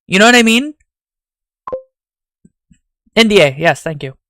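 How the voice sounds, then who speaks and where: A man's voice: high voice, lively intonation, unhurried, pushed and bright. A man with a Southern US accent, rambling casually and talking straight to his chat as a streamer.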